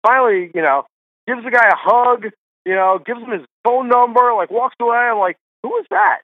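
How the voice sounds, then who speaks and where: A man, a golf writer, guesting on a podcast and telling stories in a chatty way with quick restarts. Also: very high-pitched, dry recording. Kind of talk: casual podcast interview chat. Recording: dry tinny phone line.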